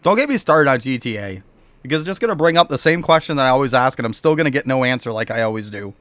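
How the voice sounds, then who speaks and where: A man's voice: mid-range voice, expressive, quick pace, fairly bright tone, no room sound. A man from New York State ranting bluntly and profanely while chatting live with his stream viewers. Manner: blunt, profane, rambling rants.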